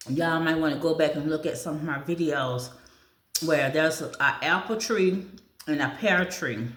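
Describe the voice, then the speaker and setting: Chatty woman eating in an echoey room. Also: deep voice. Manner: chatty, reads a food list aloud and comments on it; talks with her mouth full. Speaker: vlogger. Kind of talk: casual chat while eating.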